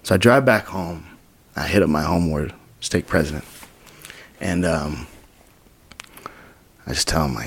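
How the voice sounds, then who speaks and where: A young man in his twenties from Utah, telling his story as a podcast guest, acting out quotes with whispers and sudden high bursts. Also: measured pace, pauses often, a little hiss or hum. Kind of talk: storytelling in casual interview.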